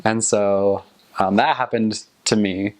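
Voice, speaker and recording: Earnest low-voiced young man. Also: fairly even intonation, slow pace, darkish tone. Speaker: returned missionary. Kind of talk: casual recollection and advice.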